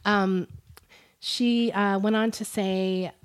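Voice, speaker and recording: A woman's voice: mid-range voice, fairly even intonation, slow pace. A woman co-hosting a podcast, telling a story in casual chat with many fillers and frequent laughter. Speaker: podcast co-host.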